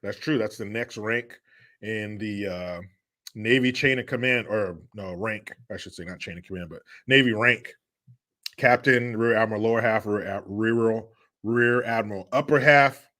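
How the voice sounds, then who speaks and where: A man's voice: fairly low pitch, moderate pace, sharp tone. A man hosting a casual livestream, reading out viewer donations with joking, sarcastic remarks and frequent laughter.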